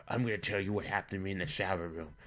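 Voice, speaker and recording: A man playing a weepy, pitiful grown son. He whines through his complaints on a low voice with a bright, pushed edge. He always sounds hard done by. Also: fairly even intonation, rapid-fire. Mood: whiny tearful. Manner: whining, tearful complaints.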